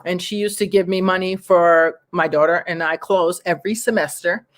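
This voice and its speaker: A woman from New York hosting a talk show, telling personal stories in a rambling, lively way. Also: lowish voice, moderate pace. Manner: rambling, restarts sentences, lively retelling. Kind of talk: casual interview chat, personal storytelling.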